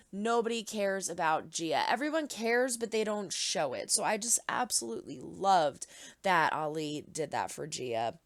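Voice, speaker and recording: A woman's voice: on the low side, animated, measured pace, no room sound. A woman hosting a reaction video, giving earnest, emotional commentary in a casual way.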